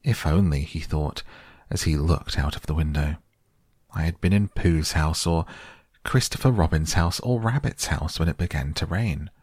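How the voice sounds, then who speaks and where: A man reads a children's classic aloud as a soft, soothing bedtime story. His voice is extremely deep and husky, and he takes it very slowly. The sound is close and dry. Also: no room sound. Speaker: audiobook narrator.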